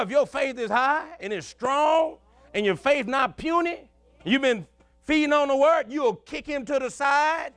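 A man's voice: very high-pitched, a bit bright, no echo. A male pastor, preaching a sermon in a folksy call-and-response style and telling stories from his own life.

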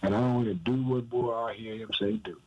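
A man's voice: fairly low pitch, fairly even intonation, fairly quick, muffled recording. A man preaching an informal sermon, asking and answering his own questions in an emphatic, repetitive cadence and often calling the listener "man".

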